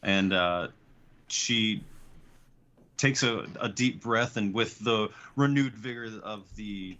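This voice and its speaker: Pria pemandu permainan bersuara rendah. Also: male voice, lowish voice, slow, pushed and bright, lo-fi sound. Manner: rambling, with many fillers and restarts. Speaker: game master. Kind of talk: narrating a tabletop game.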